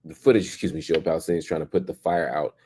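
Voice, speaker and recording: A man's voice: extremely low pitch, fairly even intonation, fast talker, a little mellow, slight background noise. A man hosting a daily news stream, reading headlines and commenting casually, tired and exhausted. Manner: reads headlines then comments, with fillers and restarts.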